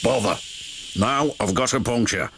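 A man's voice: medium pitch, a little slow, creaky, background noise. A man voicing a fussy, flustered railway boss. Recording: studio narration with music behind.

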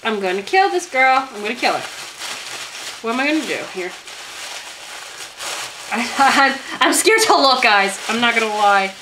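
A young woman vlogging as she opens a gift, gushing with repeated excited exclamations. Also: on the high side, unhurried, pauses often, background noise. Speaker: YouTuber opening a gift. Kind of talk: casual vlog unboxing.

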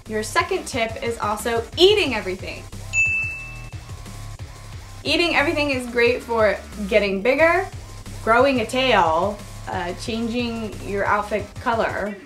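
A bubbly young woman with a high, bright voice chats through a gaming workout vlog, giggling and puffing as she hops around her room. Soft music plays faintly underneath. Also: lively intonation, measured pace. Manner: bubbly, giggly, talks while jumping around. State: out of breath in outtakes. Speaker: gaming vlogger. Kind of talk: casual chatty vlog with physical game workout.

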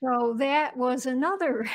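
A woman in her seventies, an interview guest recounting her own childhood in unhurried, reflective storytelling. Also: high-pitched, low-quality recording. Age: 70s. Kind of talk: personal storytelling.

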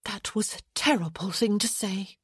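A woman voicing a gentle, witty young widow in an audiobook, speaking in a higher voice than her narration. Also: normal speed, husky, no room sound, studio quality. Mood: hurt. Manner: gentle, prodding.

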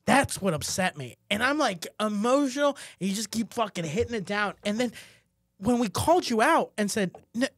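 A man co-hosting a podcast, telling an emotional story in animated, casual chat. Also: high voice, normal speed, no room sound, studio quality. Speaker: podcast co-host.

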